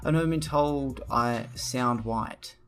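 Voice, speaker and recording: A man's voice: medium pitch, takes it slowly, very noisy. A young man rants to camera in a blunt, profane, rambling way. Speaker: vlogger. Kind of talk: casual ranting to camera.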